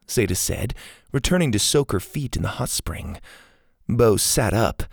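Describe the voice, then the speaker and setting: A man narrating a kids' adventure story in an expressive, animated storytelling manner. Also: lowish voice, measured pace, gravelly, slightly rough, no room sound, clean studio sound.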